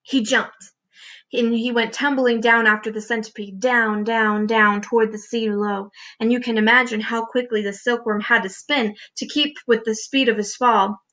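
A woman reading a chapter of a children's book aloud with expressive storytelling. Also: a little high, normal speed. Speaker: reader.

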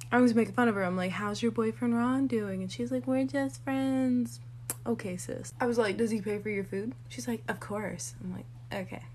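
A young woman telling a gossipy story in a sarcastic, animated way. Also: medium pitch, a little hiss or hum. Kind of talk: casual storytelling vlog.

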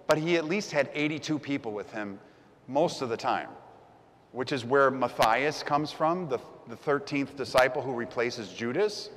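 Man, pastor, sermon, vivid storyteller, mid pitch, long hall reverb. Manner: storytelling, lively, acts out the crowd's voices.

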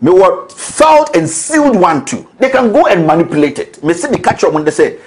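Ghanaian man, high voice, swooping delivery, accusatory, emphatic commentary host. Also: big pitch swings, brisk, a little mellow. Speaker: show host. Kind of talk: political commentary.

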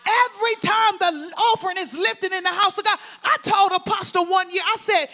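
A very high-pitched man preaches, his voice gravelly and rough at the edges. He shouts his sermon in fervent bursts, piling up long repeated lists and calling out to the congregation. His tone is bright and piercing. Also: normal speed, hardly any pauses. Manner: call-and-response preaching with repetitive lists.

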